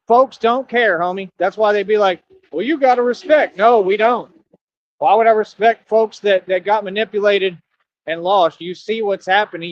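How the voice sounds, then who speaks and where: A man's voice: sits high, background noise. A young man streaming, ranting in an emphatic, combative, slangy way. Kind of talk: livestream rant. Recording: dull lo-fi audio.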